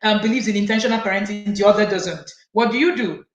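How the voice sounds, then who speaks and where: A woman's voice: medium pitch, fast talker, muffled recording, soft background music. A woman host of an online parenting talk who reads out viewer questions and makes her points emphatically. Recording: echoey room.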